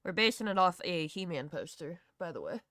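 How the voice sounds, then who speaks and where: A woman's voice: fairly low pitch, expressive, brisk, pushed and bright, no echo, clean studio sound. A woman with a Southern US accent chatting casually on a live stream while she draws, rambling, laughing and swearing freely. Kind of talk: casual chat while drawing.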